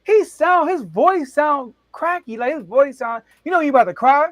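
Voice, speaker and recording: A man's voice: moderate pace, no room sound. Hyped guy talking football on a podcast, voice jumps all over, dry close mic. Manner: animated, excitable storytelling with big pitch jumps. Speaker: sports debate show host. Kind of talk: casual sports debate chat.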